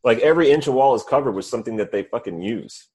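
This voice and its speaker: A man's voice: mid-range voice, animated, quick pace, a little mellow, breathy edge. A man in casual chat who rambles through loose stories full of fillers.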